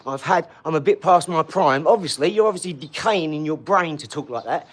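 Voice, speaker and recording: A man, ranting on a live stream, loud, mocking and swaggering, full of street slang. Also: fairly high pitch, lively intonation, fairly quick. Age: 40s. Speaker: livestream host. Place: garage.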